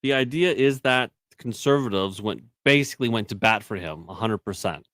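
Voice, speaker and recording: A man co-hosting a casual news podcast, telling animated stories and swearing freely. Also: fairly low pitch, moderate pace, no room sound. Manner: animated storyteller, acts out voices, swears. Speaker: podcast co-host. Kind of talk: casual banter about news.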